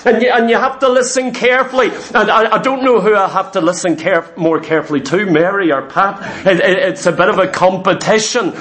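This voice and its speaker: Man, preacher, high pitched voice, emphatic repetitive sermon delivery, drawn-out stressed words. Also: a bit bright.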